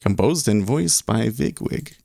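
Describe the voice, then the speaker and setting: A man's voice: medium pitch, expressive, measured pace, gravelly, warm tone, dry recording, studio quality. A man hosting a casual livestream, rambling and cutting himself off as he talks. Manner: rambling, self-interrupting. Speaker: livestream host.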